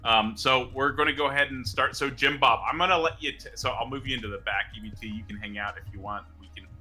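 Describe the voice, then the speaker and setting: Man hosting a stream, halting and bright. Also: medium pitch, faint music behind. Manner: halting, filler-heavy, repeats words. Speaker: stream host and moderator. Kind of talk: casual livestream hosting.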